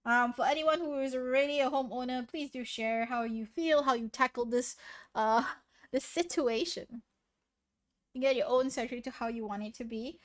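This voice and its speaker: A woman's voice: high voice, normal speed. A woman hosting a livestream, chatting casually with viewers, giggly and rambling, a bit sniffly, on a noise-suppressed desk mic. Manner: giggly, rambling, self-deprecating. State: sniffly from sneezing. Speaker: livestream host. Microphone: desk microphone with noise suppression.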